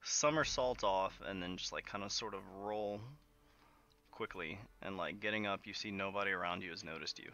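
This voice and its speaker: A man running a tabletop game as game master, narrating in a relaxed, casual way full of fillers. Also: deep voice, normal speed, dull audio.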